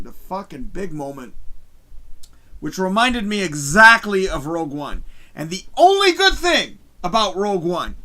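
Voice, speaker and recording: Excitable, swearing male livestream host. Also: sits high. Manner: swears constantly, shouts when excited. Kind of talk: excited live review rant. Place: home room, early morning. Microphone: home streaming mic, distorting when loud.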